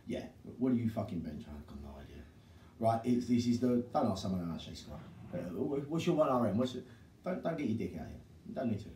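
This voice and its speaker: A man's voice: fairly low pitch, big pitch swings, fast, mellow, a little hiss or hum. A man co-hosting a podcast in casual chat, blunt and sweary with brash banter. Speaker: podcast co-host. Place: gym. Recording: echoey room, distant mic.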